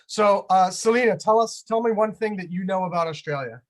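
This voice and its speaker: Host, male, slightly high voice, upbeat and jokey, leading a group video call. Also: brisk. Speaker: host of a virtual tour. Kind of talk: casual chat on a video call.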